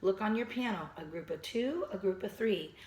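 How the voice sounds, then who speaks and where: A woman gives a piano lesson at home for children and their parents, explaining each step patiently. Her voice is slightly hoarse and she often clears her throat. She sits at mid pitch, and the room echoes around her. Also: expressive, moderate pace, darkish tone. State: losing her voice. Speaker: piano teacher. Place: at a piano, indoors.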